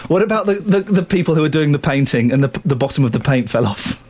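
A man's voice: fairly high pitch, animated, quick pace, darkish tone, slightly rough. A man presenting a radio show in casual banter, repeatedly breaking into helpless giggles. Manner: giggly, keeps breaking into laughter. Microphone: studio microphone.

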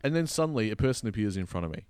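An Australian man chatting on a football podcast, his voice smooth and resonant and the sound close and dry. He spins a story with animated, mock-outraged flair, rising into sharp exasperation. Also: lowish voice, rapid-fire, no echo. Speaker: podcast co-host. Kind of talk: casual footy podcast chat.

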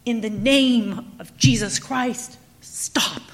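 A man's voice: extremely high pitch, very animated, moderate pace, fairly bright tone, pitched above the performer's own voice, exaggerated voice. A woman preacher voicing a small, frail monk who pleads in distress and cries out in defiance, within a sermon story. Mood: crying out. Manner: pleading, then crying out.

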